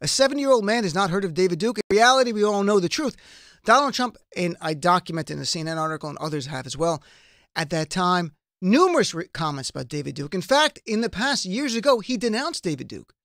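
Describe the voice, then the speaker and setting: This US talk-show host's high voice swings widely in pitch, a bit fast and a bit bright. He argues his political commentary with passion and emphasis, piling on rhetorical questions, all in a dry, clean studio recording.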